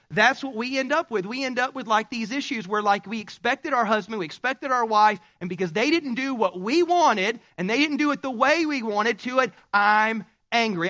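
A male pastor preaching a sermon in an animated way, acting out quoted spouses. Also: high-pitched, dry recording.

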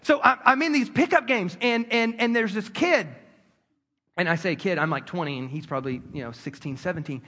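Animated high-voiced preacher in a hall. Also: male voice, a little fast. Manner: animated storytelling, swings from loud to hushed. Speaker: pastor. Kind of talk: sermon.

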